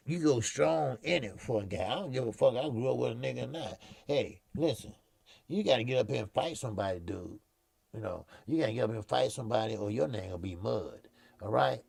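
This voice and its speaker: A man's voice: medium pitch, creaky, dry recording, clean studio sound. A man hosting a boxing talk stream, rambling and profane, repeating himself as he talks. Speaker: boxing show host. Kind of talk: casual live-stream commentary.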